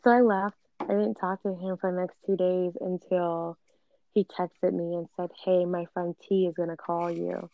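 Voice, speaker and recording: A young woman casually telling a personal story, animated and full of filler words. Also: lowish voice, normal speed, gravelly. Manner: animated, frequent "like" fillers, acts out quoted dialogue. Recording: dull lo-fi recording.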